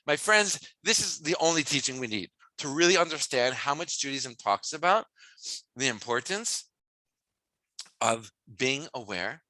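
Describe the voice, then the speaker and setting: A man teaching as a rabbi, in a lively way, full of rhetorical questions. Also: medium pitch, unhurried, no echo, rough recording. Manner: animated, asks many rhetorical questions.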